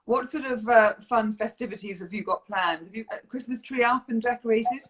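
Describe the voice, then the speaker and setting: A woman's voice: fairly high pitch, brisk. Chatty woman interviewer. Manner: chatty and affirming, laughs easily. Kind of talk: interview over video call.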